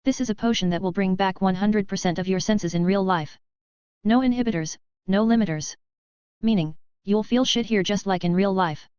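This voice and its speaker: A woman reading the lines of a calm, cold young male swordsman in a flat, monotone delivery. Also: medium pitch, moderate pace, clean tone, dry recording, natural voice. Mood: deadpan. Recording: dry, slightly dull lo-fi audio.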